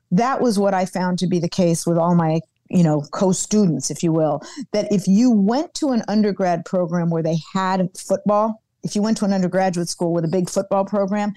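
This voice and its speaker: Emphatic woman guest with a low, mellow voice. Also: no echo. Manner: animated and emphatic, repeats words for stress. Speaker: guest, former football team executive. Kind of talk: podcast interview.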